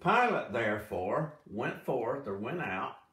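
Slow, lively man reading scripture. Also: medium pitch. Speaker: Bible study teacher. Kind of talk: reading scripture aloud with commentary. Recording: echoey room, mic at a distance.

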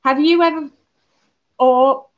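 A woman leading a children's holiday club, telling a story and talking gently to the kids. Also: high voice, fairly even intonation, takes it slowly. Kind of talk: children's talk on a Bible lesson. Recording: muffled lo-fi church recording.

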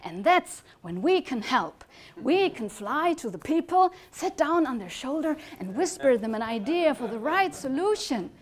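A woman voicing a little male angel in a told story, speaking high and animated with eager enthusiasm. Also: unhurried. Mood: enthusiastic. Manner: high, animated and bright when explaining.

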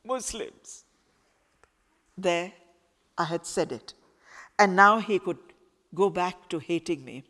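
A woman author reading a passage of her novel aloud to a school audience in slow, expressive storytelling. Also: fairly low pitch. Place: school event hall. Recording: echoey hall with long reverb.

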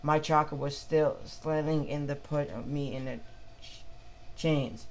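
Slow, stumbling male fan fiction reader. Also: on the high side, fairly even intonation, slight background noise, low-quality recording. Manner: halting, stumbling, frequent restarts. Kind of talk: reading own fan fiction aloud.

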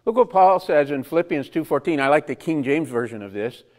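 A man's voice: fairly high pitch, expressive, a little fast. A man preaching a conversational sermon, asking the congregation rhetorical questions and chuckling between points. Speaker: pastor.

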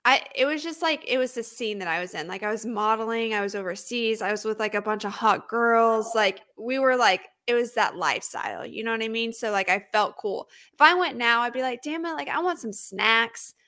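A woman's voice: on the high side, fairly quick, hardly any pauses, bright, forceful tone. A woman co-hosting a casual podcast, blunt and swearing freely, with "like" scattered through her speech. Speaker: podcast co-host.

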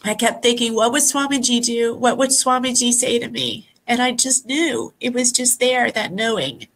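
A woman on a video call telling a personal story, emotional and near tears, speaking softly with halting pauses. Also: fairly high pitch, poor audio. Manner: soft, halting, pausing often. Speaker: guest.

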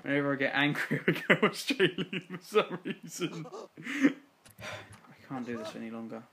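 A young adult playing a life-simulation game and commenting casually, growing exasperated and swearing at the characters, swinging between loud outbursts and tired muttering. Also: mid-range voice, very animated, unhurried, slight background noise. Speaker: gaming channel host. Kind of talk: casual let's-play commentary.

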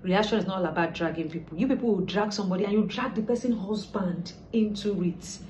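A woman's voice: medium pitch, fast talker. A woman with a Nigerian accent, a lifestyle vlogger chatting casually to camera and slipping into pidgin. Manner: chatty, mixes pidgin, lively asides. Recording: slightly dull lo-fi sound with faint background noise.

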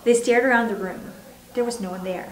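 A woman with a fairly high voice reads a children's chapter book aloud with lively storytelling. She sounds distant from the mic, in an echoey room. A faint hum sits behind her. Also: brisk. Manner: expressive storytelling. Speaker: reader.

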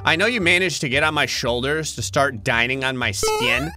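Bright, animated man joking through gameplay. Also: moderate pace, soft background music. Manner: wry, joking asides with sudden high-pitched outbursts. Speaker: gaming channel host. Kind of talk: comedic gameplay commentary.

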